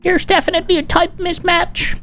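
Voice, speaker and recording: A squeaky pompous cartoon boy. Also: level tone, brisk, sharp tone, faint music behind. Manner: pompous, lecturing, hesitant. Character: insufferable overly serious cartoon boy. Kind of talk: impression of a cartoon character.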